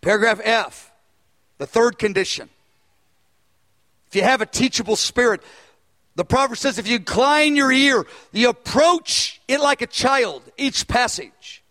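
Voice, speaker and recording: A man preaching a sermon and teaching a Bible study, animated, and acting out dialogue when he tells stories. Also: very high voice, measured pace. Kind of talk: sermon with storytelling.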